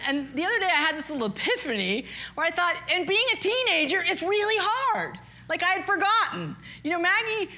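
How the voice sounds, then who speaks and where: Candid, bright-voiced woman in her fifties. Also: extremely high pitch, a little hiss or hum. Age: 50s. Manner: candid, self-deprecating, animated storytelling. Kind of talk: personal storytelling talk.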